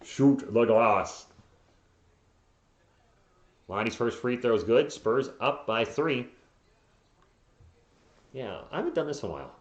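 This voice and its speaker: A man calls the game play-by-play for his stream, siding openly with one team. His voice sits at an ordinary pitch and breaks into frustrated yelling when plays go wrong. The recording is roomy and echoey, with a dull, lo-fi tone. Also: expressive, moderate pace, pauses often. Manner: partisan, bursts into frustrated yelling at players. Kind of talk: live play-by-play commentary. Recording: echoey, dull lo-fi home mic.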